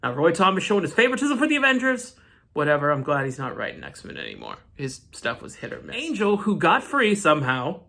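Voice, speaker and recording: A man hosting a comic book channel, recapping an issue in casual, animated storytelling with side rants. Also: on the high side, fairly quick, vocal fry.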